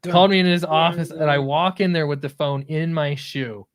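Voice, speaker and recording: A man's voice: fairly high pitch, steady tone, no room sound. Laughing, self-mocking man telling a story. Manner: self-deprecating, laughing, halting restarts. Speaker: podcast co-host. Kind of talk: casual storytelling chat.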